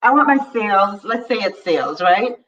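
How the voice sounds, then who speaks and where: A woman runs a live teaching session in an upbeat, chatty voice, speaking straight to her listeners. Her voice sits at an average pitch. It is picked up from a little way off through a slightly muffled, dull mic. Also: animated, normal speed, fairly bright tone, distant mic. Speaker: money mindset coach.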